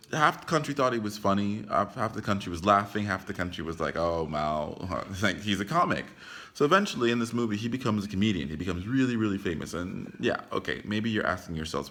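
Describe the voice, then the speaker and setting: A man's voice: lowish voice, fairly bright tone. A young man talking casually into his phone camera about a film, rambling, leaning on "like" and swearing freely. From United States. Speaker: vlogger.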